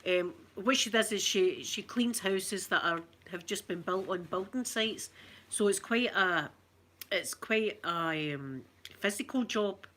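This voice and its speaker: A woman's voice: mid-range voice, measured pace, a bit bright. A middle-aged Scottish woman, an ASMR streamer chatting casually, telling rambling stories and reading out viewer comments. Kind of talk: casual live chat.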